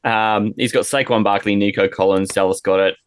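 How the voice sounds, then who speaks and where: A man's voice: on the low side, fairly even intonation, fairly quick, smooth. An Australian man hosting a podcast fantasy draft, brash and teasing, swearing freely in casual banter.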